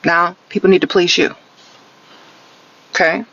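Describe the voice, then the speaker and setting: A woman live-streaming from her car gives sarcastic, blunt dating advice, capping points with a teasing "okay?" and her catchphrase "sprinkle, sprinkle." She speaks unhurriedly in a lowish, steady, fairly bright voice with vocal fry, recorded on a phone held close with the highs cut off.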